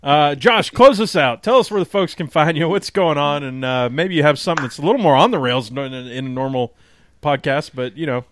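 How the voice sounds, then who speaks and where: A man in his thirties hosting a podcast, reacting quickly and laughing in casual chat, then wrapping up the show. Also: on the high side, a little hiss or hum. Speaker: podcast host.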